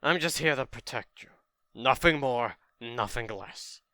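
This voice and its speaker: A man voicing a gruff young male antihero, curt and tough. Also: medium pitch, measured pace, sharp tone, no room sound, voice pushed down. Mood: defiant.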